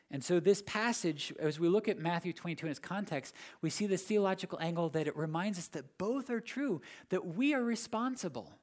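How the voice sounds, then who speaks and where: A man's voice: high voice, darkish tone. A man preaching a sermon, earnest, building to emphatic rises and repeating key phrases. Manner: earnest preaching with rising emphatic peaks and repetition. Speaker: pastor.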